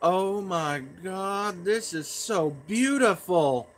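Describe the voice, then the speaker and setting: A man voicing his excited mother, who gushes with delight over a package. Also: on the low side, slow, slight background noise, pitched above the performer's own voice. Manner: gushing, delighted. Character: excited older mother, night owl.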